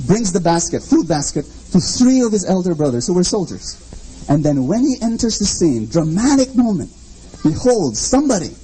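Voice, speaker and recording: Animated, husky-voiced male preacher. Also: high voice, low-quality recording. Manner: emphatic and repetitive, rhetorical questions, dramatic swings. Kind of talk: sermon.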